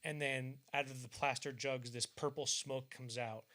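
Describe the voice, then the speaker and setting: A young man talking films on a podcast in a loose, rambling way. His voice is bright and somewhat tense, and he keeps trailing off, restarting and slipping into silly impressions of the scenes he describes. The pitch sits in a middle range for a man. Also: fairly even intonation, normal speed. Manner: rambling, filler-heavy, acts out bits of scenes in mock voices. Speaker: podcast co-host. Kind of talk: casual film discussion.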